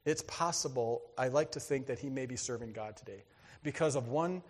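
A man preaching a sermon, telling a story with lively energy, acting out voices and laughing often. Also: medium pitch, brisk. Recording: hall reverb.

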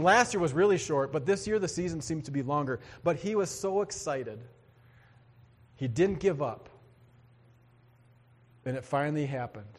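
A man's voice: sits high, big-room sound. A male pastor preaching a sermon in a church, in a conversational way with joking asides to the congregation.

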